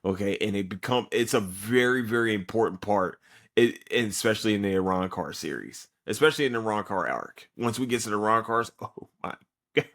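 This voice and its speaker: A tired man hosts a podcast in a fairly low voice, recapping an anime episode casually. He rambles, swears freely and fills his talk with ums and likes. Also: fairly quick, fairly bright tone. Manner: rambling and profane, many fillers. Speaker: podcast host.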